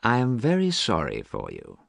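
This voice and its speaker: A man's voice: lowish voice, huge pitch swings, normal speed, gravelly, fairly bright tone, no room sound, clean studio sound, voice pushed up, exaggerated voice. A man voicing a desperate young man who turns cold and threatening, in an urgent, pressing way.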